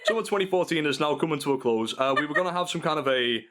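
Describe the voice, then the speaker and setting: A man's voice: a little high, lively intonation, quick pace, fairly bright tone. A man hosting a casual podcast, leading the talk in a rambling way with many fillers. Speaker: podcast host. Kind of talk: casual chat.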